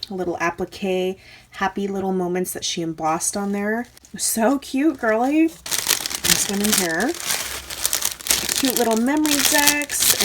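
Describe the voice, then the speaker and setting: A woman's voice: mid-range voice, heavy background noise. A woman hosting a craft channel, chatting casually and gushing while opening mail at home, with lots of fillers. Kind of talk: casual unboxing chat. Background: crinkling paper and clicks from handling mail.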